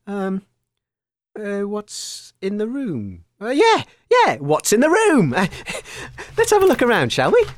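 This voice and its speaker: A woman's voice: mid-range voice, no echo. A woman voicing a flustered, chatty radio show host in a comedy audio sketch, hesitant and full of fillers. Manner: hesitant, excitable, lots of fillers.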